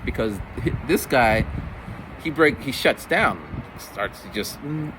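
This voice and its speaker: A man in his forties, a middle school teacher, telling stories from his week in a casual, animated way. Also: takes it slowly, background noise. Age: 40s. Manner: animated, jumps into high voices for quoted kids. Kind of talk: casual storytelling vlog.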